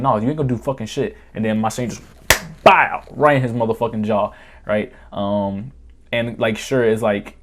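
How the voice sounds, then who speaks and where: Profane low-voiced man telling war stories. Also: a little mellow. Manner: profane, rambling, laughs while telling. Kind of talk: casual storytime vlog.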